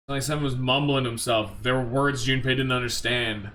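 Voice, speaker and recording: A man's voice: mid-range voice, fairly even intonation, moderate pace, a bit bright, a little hiss or hum. A man hosting a let's play, reading the game's text aloud and adding casual, joking asides.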